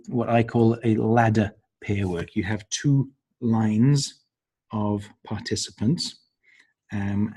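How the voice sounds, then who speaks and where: A low-pitched, husky male voice takes listeners through the stages of a lesson plan. He speaks slowly and deliberately, and he often fills his pauses with ums and uhs. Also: warm tone. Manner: hesitant, many ums and uhs. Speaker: teacher trainer. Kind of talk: instructional walkthrough of a lesson plan.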